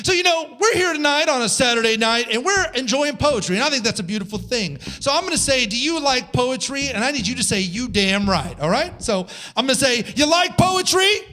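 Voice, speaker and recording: A man's voice: very high voice, lively intonation, brisk, hardly any pauses, sharp tone. A man performing comic rhyming poetry on stage, half rapping and half singing in a rhythmic delivery. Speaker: spoken word performer. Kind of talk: comic rap poetry over live music. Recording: live stage with band playing.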